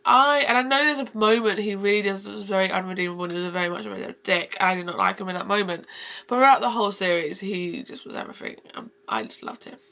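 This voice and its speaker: A woman's voice: medium pitch, fast, vocal fry, bright, forceful tone. A woman book vlogger gushing effusively about favorite characters in a casual, rambling way. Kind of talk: casual book-review vlog.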